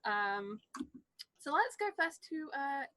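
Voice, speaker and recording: A woman's voice: sits high, sing-song, slow pace, sharp tone, no room sound, poor audio. A woman game master opening a tabletop game session in a bubbly, chatty way over a video call. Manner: bubbly, chatty, self-deprecating. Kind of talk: upbeat table-top introduction. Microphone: remote video-call mic.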